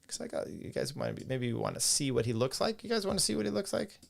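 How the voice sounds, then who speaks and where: Gravelly middle-aged male podcast host. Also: mid-range voice, big pitch swings, quick pace. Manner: rambling, profane, chuckling asides. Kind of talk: casual live-stream talk, reading chat.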